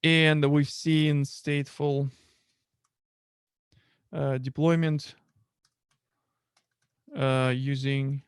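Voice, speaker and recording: A man with a Russian accent hosting a casual tech livestream from home, talking haltingly with many fillers and restarts. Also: a little high, flat delivery, clear, resonant tone, dry recording, studio quality. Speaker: livestream host.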